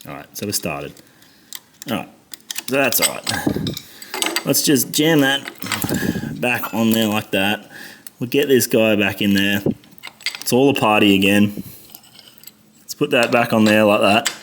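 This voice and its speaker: A man's voice: lowish voice, measured pace, long pauses, background noise. Swearing Australian man fixing a motorbike. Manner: frustrated, swears constantly, mutters while working. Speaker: motorcycle mechanic vlogger. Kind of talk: casual workshop commentary.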